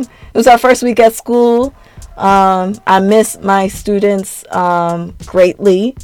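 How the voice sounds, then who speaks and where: A woman's voice: medium pitch, vocal fry, clean tone, dry recording. A young adult woman, a podcast host and teacher, talking in a chatty, laughing, sentimental way. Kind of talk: casual podcast sign-off.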